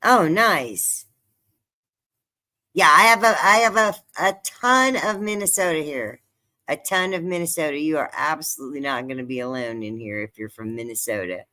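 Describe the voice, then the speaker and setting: A woman's voice: low voice, moderate pace, sharp tone. An older woman chatting casually to viewers on her own livestream, talkative and easily moved, laughing often. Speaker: livestream host. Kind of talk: casual live-stream chat.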